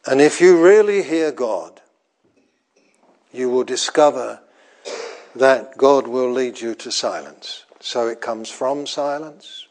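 An older man preaching a sermon in a slow, deliberate way, pausing often and repeating phrases for weight. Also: medium pitch, a little mellow.

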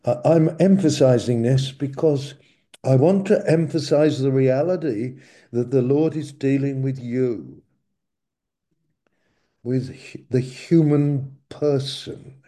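A man preaching a sermon in a slow, reflective way, often sinking to a quiet murmur. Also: mid-range voice.

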